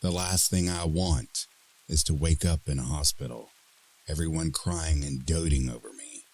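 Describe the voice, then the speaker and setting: Very deep-voiced male horror narrator. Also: normal speed. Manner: dramatic, expressive reading.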